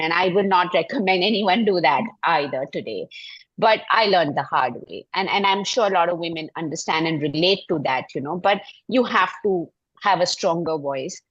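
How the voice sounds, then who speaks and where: Husky Indian woman in panel talk. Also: fairly low pitch, fairly bright tone, no room sound, highs cut off. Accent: Indian English. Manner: halting, frequent restarts, emphatic. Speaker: panel speaker. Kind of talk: panel discussion, personal story.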